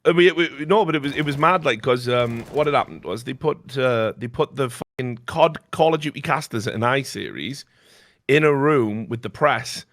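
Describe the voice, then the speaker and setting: A man's voice: mid-range voice, lively intonation, a bit bright, no echo. A middle-aged man, telling a story as a talk show host in a blunt way, with lots of swearing. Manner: profane, blunt, fast-flowing anecdote with lots of swearing. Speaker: podcast host.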